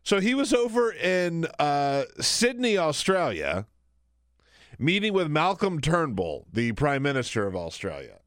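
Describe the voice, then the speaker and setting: A man's voice: a little high, huge pitch swings, unhurried, a bit bright, dry recording, studio quality. A man filling in as the host of a radio talk show, chatting casually and laughing often.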